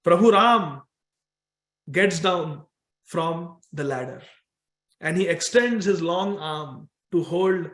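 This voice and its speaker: A high-pitched man narrates a devotional story for a scripture class. He tells it with animation and repeats phrases as he builds each scene. His voice carries a roomy echo. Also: takes it slowly, pauses often, fairly bright tone.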